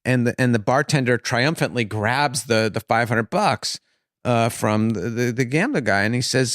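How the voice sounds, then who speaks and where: A man telling a long joke in casual conversation, halting with many fillers and restarts. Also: medium pitch, a bit bright, no echo, studio quality.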